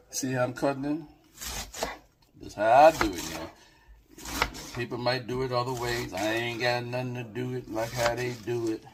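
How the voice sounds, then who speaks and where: Slow-talking man demoing in his kitchen. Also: mid-range voice. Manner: rambling, talks straight to viewers, lots of okays. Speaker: home cook filming a cooking video. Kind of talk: casual cooking demonstration to camera. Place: home kitchen. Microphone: camera on a tripod.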